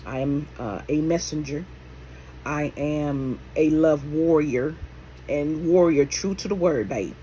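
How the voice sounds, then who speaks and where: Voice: mid-range voice, slow, warm tone, a little hiss or hum, poor audio. A spiritual minister and healer giving a casual talk to camera, emphatic and blunt, swearing freely and firing off rhetorical questions while calling the listeners baby and my love. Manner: calls the audience endearments like baby and my love.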